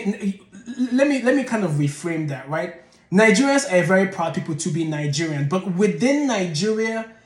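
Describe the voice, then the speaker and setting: A man with a notably high voice gives his opinions to the camera in a commentary vlog. He talks emphatically and often catches himself mid-sentence to rephrase. The room around him is roomy and echoey. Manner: emphatic, reframes and restarts mid-thought. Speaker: channel host.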